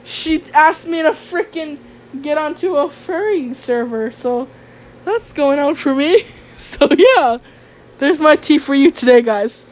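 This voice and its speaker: A woman's voice: sits high, lively intonation, slow pace. A woman telling stories in a casual vlog monologue. She talks in a rambling, slangy way, swears a lot and turns sarcastic. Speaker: vlogger.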